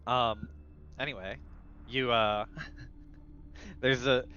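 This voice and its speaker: Male game master, loose rambling narration, mid pitch, dull lo-fi sound. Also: steady tone, extremely slow, sharp tone, a little hiss or hum. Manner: rambling, filler-heavy, restarts.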